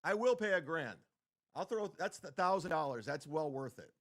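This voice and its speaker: Ranting man with a lively voice. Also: a little high, moderate pace. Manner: mocking, ranting, heavy swearing. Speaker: streamer reacting to a clip. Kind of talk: livestream commentary.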